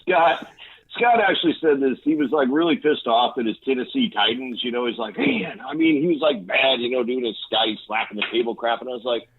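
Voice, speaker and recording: A man's voice: mid-range voice, brisk, breathy edge, dry recording. A man co-hosting a casual fantasy league chat, rambling and bluntly trash-talking with laughs. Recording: tinny phone-line sound.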